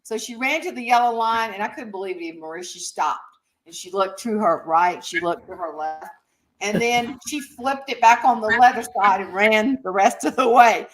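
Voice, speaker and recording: A woman's voice: mid-range voice, normal speed, a little hiss or hum. A middle-aged woman with a Southern US accent, animatedly telling a family story as a guest and acting out her mother's lines. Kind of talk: casual storytelling.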